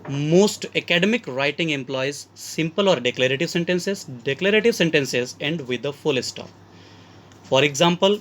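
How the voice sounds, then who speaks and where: A man's voice: mid-range voice, animated, normal speed, fairly bright tone, slight background noise. A man with an Indian English accent, teaching a grammar lesson from slides and explaining each example step by step as he calls his listeners friends.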